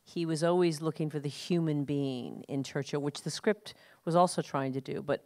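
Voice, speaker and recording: A woman's voice: deep voice, darkish tone. Earnest woman producer on a panel. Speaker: film producer. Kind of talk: panel remarks.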